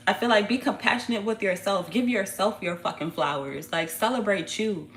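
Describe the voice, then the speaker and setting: A woman's voice: medium pitch, moderate pace, few pauses, background noise. Blunt, slangy woman reading tarot. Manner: blunt, profane, animated, slangy. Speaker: tarot reader.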